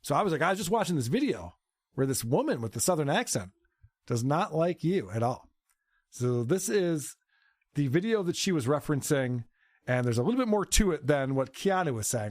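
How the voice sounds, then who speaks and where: Male podcast host, sarcastic clip commentary, lively swooping delivery, dry close sound. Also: a little high, moderate pace, no echo. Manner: sarcastic, animated, laughing. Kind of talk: commentary on clips.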